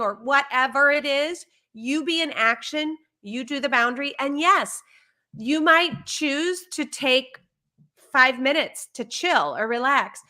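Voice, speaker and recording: A high-pitched woman with a bright, lively timbre talks through parenting advice. She is animated and breaks into little acted-out lines of what a parent or child might say. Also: slow pace. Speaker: parenting educator. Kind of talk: conversational advice on a live stream.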